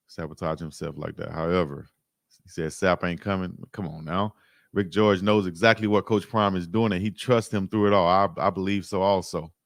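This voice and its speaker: A man's voice: fairly low pitch, dry recording, studio quality. A man in his forties hosting a live sports stream, talking casually and emphatically in slangy commentary that keeps repeating itself.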